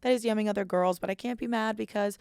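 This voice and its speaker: A young woman in her twenties hosts her podcast in a loose, rambling chat, poking fun at herself and swearing freely. Her voice carries a gravelly vocal fry, and the recording is close and dry, with no room sound. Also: mid-range voice, steady tone, quick pace, darkish tone, no echo. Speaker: podcast host. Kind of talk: casual chat.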